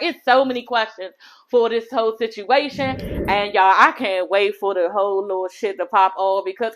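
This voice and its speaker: A woman's voice: on the high side, a bit bright. A woman recapping a reality TV episode in a casual vlog, sassy and profane, gossiping animatedly to her viewers.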